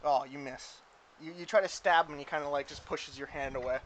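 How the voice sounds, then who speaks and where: A man's voice: fairly high pitch, steady tone, a little fast, fairly bright tone, a little hiss or hum, poor audio. Stammering game master man. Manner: rambling, stumbling, giggly. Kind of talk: narrating a tabletop game.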